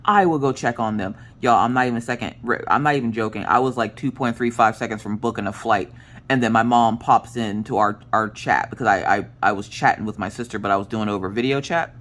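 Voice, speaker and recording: A woman's voice: very deep voice, steady tone, fairly quick. A woman, a craft vlogger chatting casually and telling a dramatic story as she works.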